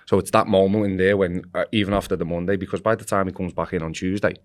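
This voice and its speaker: A man's voice: deep voice, quick pace. A man guesting on a football podcast, telling a rambling story casually and acting out the voices of the people in it. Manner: animated, acts out quoted voices; rambling with restarts.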